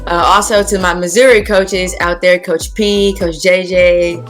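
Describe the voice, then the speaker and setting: A young woman, a high school basketball player, giving short, laid-back answers as an interview guest. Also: steady tone, a little slow, soft background music. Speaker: guest athlete.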